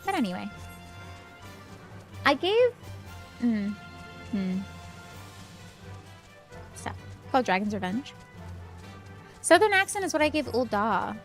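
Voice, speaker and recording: A woman streamer chatting casually during a game in a relaxed, chatty way. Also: medium pitch, vocal fry. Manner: relaxed, chatty, hums along. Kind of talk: casual gameplay chat.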